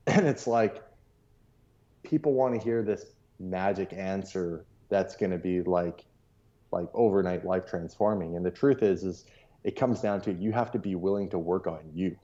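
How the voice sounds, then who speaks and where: Deep-voiced man giving earnest advice. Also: unhurried, warm tone, muffled recording. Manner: earnest, storytelling, repeats key points. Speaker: podcast guest. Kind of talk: casual motivational talk.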